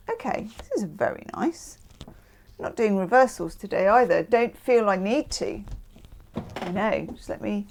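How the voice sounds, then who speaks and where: A woman's voice: medium pitch, darkish tone, slight background noise. A woman from the UK hosting a casual tarot reading, chatting with self-mocking asides. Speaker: tarot reader.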